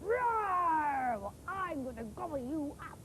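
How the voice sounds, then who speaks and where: A woman's voice: high voice, big pitch swings, takes it slowly, noisy background, voice pushed up, heavily acted. A woman voicing a scary, ugly, hungry troll for children's TV storytelling, with growls and roars between lines. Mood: growling, hungry.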